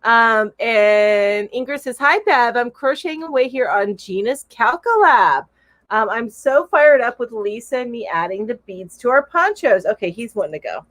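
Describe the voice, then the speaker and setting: A woman's voice: fairly high pitch, animated, moderate pace, fairly bright tone, dry recording. A middle-aged woman hosting a casual live stream, reading viewer comments aloud with a giggly, bubbly manner. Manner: bubbly, giggly, coos at her cat. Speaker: live show host.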